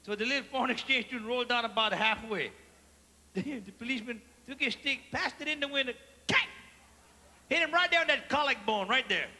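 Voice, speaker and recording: A Cajun man performs stand-up comedy live on a theater stage, telling his jokes in a loud, animated way and acting out the people in them. His voice sits very high and sounds sharp and forceful. The long reverb of a large theater hall hangs behind him. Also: a little fast. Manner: loud and animated, acts out characters in the story.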